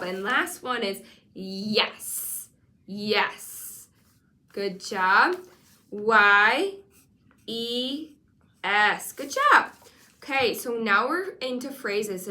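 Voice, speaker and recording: A woman teaching a one-on-one spelling lesson, patient and encouraging, sounding out letters slowly. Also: a little high, bright, forceful tone. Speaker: reading teacher.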